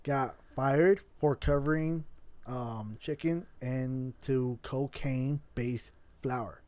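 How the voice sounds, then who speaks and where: A man's voice: medium pitch, fairly even intonation, takes it slowly, darkish tone. A man hosting a casual podcast, telling a rambling story with lots of swearing and restarts. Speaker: podcast host.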